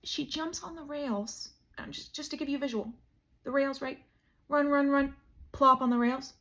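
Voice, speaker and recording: A woman's voice: high-pitched, fairly even intonation, moderate pace, a bit bright. A young woman vlogger telling a funny story in a casual chat, with dramatic, mock-grand emphasis.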